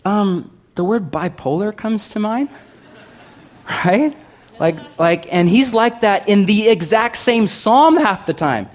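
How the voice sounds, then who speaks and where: A man preaching a sermon, conversational and animated, swinging from loud to hushed with humorous asides. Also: high-pitched, takes it slowly. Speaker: pastor.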